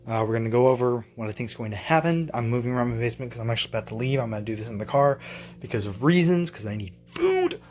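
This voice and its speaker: A man's voice: medium pitch, very animated, quick pace, a little mellow, soft background music. Rambling man planning his game. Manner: rambling, thinking aloud, correcting himself as he goes. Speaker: game master. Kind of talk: casual vlog, planning a tabletop session. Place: basement at home.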